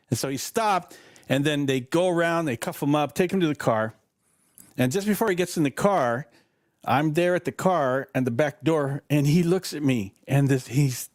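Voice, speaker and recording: A man's voice: on the high side, animated, normal speed, a bit bright, dry recording, clean studio sound. An older man co-hosting a podcast, telling stories in a rambling way with laughs. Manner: rambling, laughing, self-correcting. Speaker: co-host. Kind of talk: casual storytelling.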